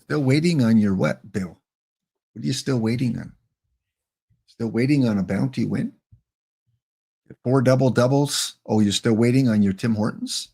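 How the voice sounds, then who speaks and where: A man's voice: medium pitch, moderate pace, creaky, pauses often, a little mellow, husky. A man hosting a live game stream, chatting casually with viewers by name and reading out the rules.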